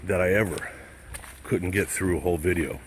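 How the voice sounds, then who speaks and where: A man's voice: low-pitched, steady tone, normal speed, a little hiss or hum. A man vlogging outdoors, ranting angrily and profanely in a rambling, casual way. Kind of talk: casual rant to camera.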